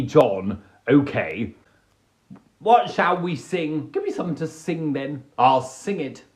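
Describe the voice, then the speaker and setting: A man from England hosting a casual livestream from home, playful and chatty. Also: fairly high pitch. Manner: playful, animated, breaks into silly improvised singing. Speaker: livestream host.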